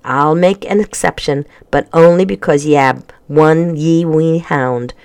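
A narrator voicing a grumpy little bearded hermit man with a Scottish accent and a gruff, grumbling manner, in a dry recording. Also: mid-range voice, animated, unhurried, no echo.

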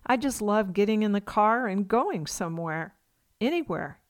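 A woman in her sixties reads her own memoir aloud for a radio reading service, her pace measured and her telling expressive. Her voice sits at an ordinary middle pitch, and the recording is close and dry with no room sound. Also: no room sound. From California.

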